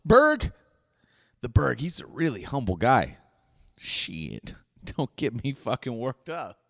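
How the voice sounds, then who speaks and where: A man's voice: mid-range voice, huge pitch swings, takes it slowly, vocal fry, fairly bright tone. A middle-aged man hosting his own podcast, delivering a blunt, profane solo rant. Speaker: podcast host. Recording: dry voice with long reverb tail.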